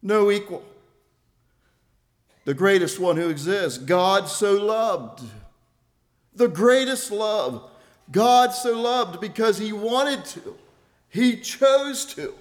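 A man preaching a sermon in an earnest, deliberate way, repeating key phrases for weight. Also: high voice, animated.

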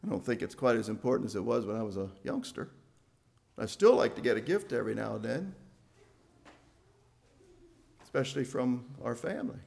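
An older man preaching a sermon, building to emphatic loud phrases and then dropping to a quiet, low delivery. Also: big pitch swings, a little fast, vocal fry, pauses often.

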